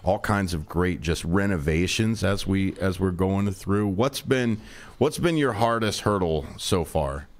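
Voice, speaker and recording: A man's voice: deep voice, lively intonation, measured pace. A man hosting a morning radio show, easygoing and laughing often, talking at a studio mic. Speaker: radio host. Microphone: studio microphone.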